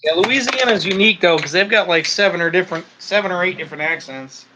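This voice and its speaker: A man's voice: high voice, fast, noisy background. A man from Alabama with a Northeastern US accent, hosting a casual chat and trading joking jabs. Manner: teasing, joking banter. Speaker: channel host. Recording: muffled lo-fi sound.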